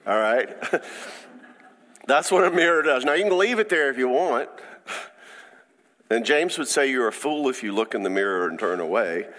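A man speaking as a counselor, giving an informal faith-based teaching talk in a conversational, halting way with frequent restarts. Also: mid-range voice, lively intonation, a bit bright, long reverb tail.

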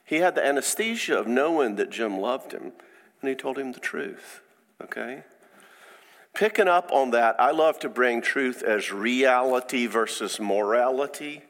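A man speaking as a counselor, giving an informal faith-based teaching talk in a conversational, halting way with frequent restarts. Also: medium pitch, lively intonation, fairly bright tone, long reverb tail.

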